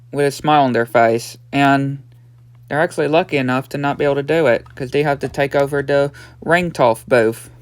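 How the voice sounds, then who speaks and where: Smooth-voiced young man recapping casually. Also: mid-range voice, no echo. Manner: rambling, full of "yeah" and "and" fillers. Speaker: episode reviewer.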